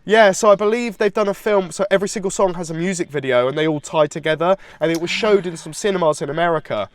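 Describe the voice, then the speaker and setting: A man's voice: high-pitched, fast, a little hiss or hum. A man co-hosting a podcast, chatting casually and enthusiastically about music, sounding congested from hay fever. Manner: enthusiastic, rambling with restarts. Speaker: podcast co-host.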